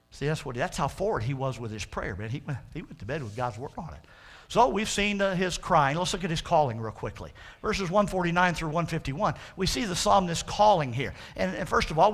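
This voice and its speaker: A man's voice: fairly high pitch, fairly bright tone. A male pastor preaching a fervent sermon, stretching out his quotes of scripture for emphasis.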